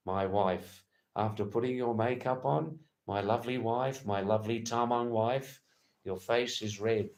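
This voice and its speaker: Slow, rambling man chatting on a livestream. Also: on the low side. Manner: slow, rambling, playful, repeats words and phrases. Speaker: livestream host. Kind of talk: casual livestream chat reading viewer comments. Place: lives in Nepal.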